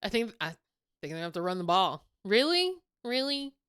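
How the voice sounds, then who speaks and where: A young woman co-hosting a podcast in casual chat, animated and laughing often. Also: medium pitch, normal speed, clean tone, dry recording, clean studio sound. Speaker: podcast co-host.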